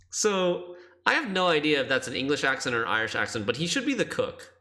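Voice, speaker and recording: Brief: man, game streamer, chatty and bright, talks through puzzles aloud. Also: on the high side, sing-song, moderate pace. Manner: chatty, thinks aloud, laughs easily. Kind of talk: casual game commentary.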